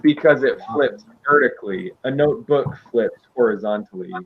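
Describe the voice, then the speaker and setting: A man's voice: mid-range voice, moderate pace, husky. A man teaching English in a casual online class, explaining usage through spoken example sentences. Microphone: video call. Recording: dull video-call audio.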